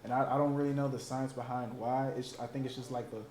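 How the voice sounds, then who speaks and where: Young man, 20s, raspy smoker's voice, loose profane chatter; roomy recording, light background noise. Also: medium pitch, steady tone, fast, a little mellow. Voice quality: hoarse, smoker-like rasp. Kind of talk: casual chat. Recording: roomy room, faint ambient noise.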